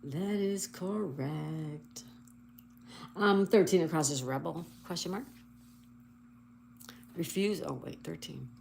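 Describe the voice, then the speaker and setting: A woman hosting a casual livestream, reading viewer comments and slowly spelling out crossword answers letter by letter. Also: low voice, gravelly, a little mellow, slight background noise. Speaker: livestream host.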